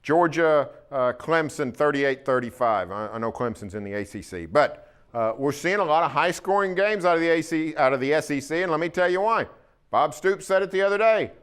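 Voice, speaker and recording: Smooth-voiced Oklahoma man talking football. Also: a little high, expressive, fairly bright tone. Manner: folksy, opinionated, pauses with "uh". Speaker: sports columnist co-host. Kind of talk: casual sports talk.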